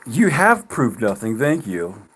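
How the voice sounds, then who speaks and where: A man livestreaming, ranting at his chat in a mocking, profane way, laughing often and swinging from loud jabs to low muttering. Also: big pitch swings, measured pace, breathy edge.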